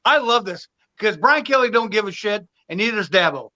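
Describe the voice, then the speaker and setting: A man's voice: sits high, expressive, fairly quick, pushed and bright, muffled recording. A man co-hosting a sports podcast, talking casually and hesitantly, with repeated starts. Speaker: podcast co-host giving picks.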